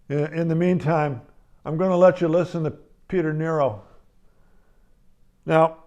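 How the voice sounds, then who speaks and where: A man hosting a comedy show from home, with a slightly higher voice. He rambles in a halting, deadpan way, full of hesitations.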